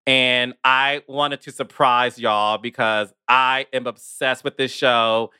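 A man hosting a podcast in casual chat, animated and emotional, often talking fast. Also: mid-range voice, clear, resonant tone, no echo, clean studio sound. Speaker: podcast host.

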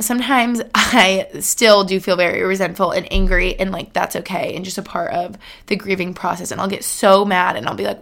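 Young woman, twenties, casual vlog talk, gravelly fry, earnest and chatty. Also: medium pitch, fairly bright tone. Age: 20s. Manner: chatty, earnest, filler-heavy with frequent laughs. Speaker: vlogger.

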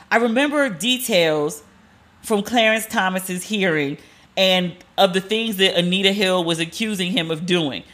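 Woman, 40s, solo podcast host, animated and chatty, acts out quotes. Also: medium pitch. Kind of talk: casual solo commentary.

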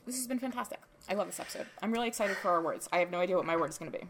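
A woman co-hosting a podcast in casual chat, gushing and excitable, often restarting her sentences. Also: fairly low pitch, racing, noisy background. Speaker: podcast co-host.

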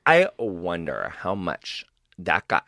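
A man hosting a podcast in casual chat, gushing and rambling with quick asides. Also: deep voice, huge pitch swings, creaky, sharp tone, no echo, studio quality. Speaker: podcast host.

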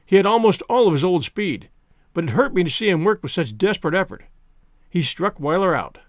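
Expressive man reading an audiobook. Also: high-pitched, a little fast, no echo, studio quality. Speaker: audiobook narrator. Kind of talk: scripted first-person narration.

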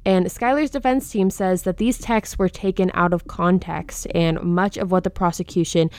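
A woman's voice: fairly low pitch, fairly even intonation, moderate pace, a little mellow, no room sound. A woman hosting a true crime podcast who speaks outspokenly and with indignation, openly stating her own opinion, close to the microphone. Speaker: podcast host.

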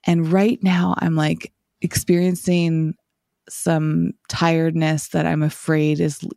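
Woman hosting a solo podcast, rambling and reflective, tired and a bit scratchy, with some vocal fry. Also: sits low, level tone, takes it slowly, warm tone, no room sound, studio quality. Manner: rambling, reflective, many filler "like"s. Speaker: podcast host.

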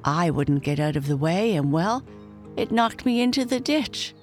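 A woman's voice: on the low side, lively intonation, normal speed, faint music behind, close to an everyday voice. Woman voicing Lightfoot, a sore young billy goat. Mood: sheepish. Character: young male goat, bruised and sorry.

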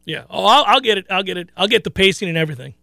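A man's voice: high-pitched, lively intonation, rapid-fire, creaky, bright, forceful tone, no room sound. A man hosting a sports talk radio show, talking casually and animatedly, laughing often and repeating his points.

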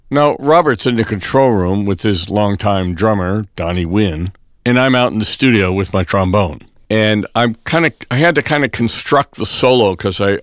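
A man telling a personal story in a relaxed podcast conversation, getting animated when he acts out quotes. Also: lowish voice, dry recording, studio quality. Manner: animated when quoting, relaxed fillers and restarts. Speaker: guest musician telling a story.

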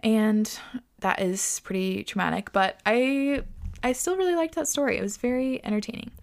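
A woman's voice: on the high side, moderate pace, gravelly. A young woman hosting a casual podcast, reading listener stories aloud with chatty, laughing reactions and plenty of swearing. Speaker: podcast host.

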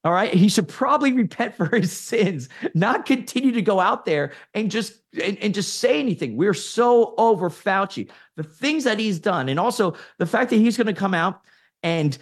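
A man guesting on a talk show, speaking in casual opinion chat, animated, laughing often and tripping over repeated words when fired up. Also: high voice, normal speed, husky.

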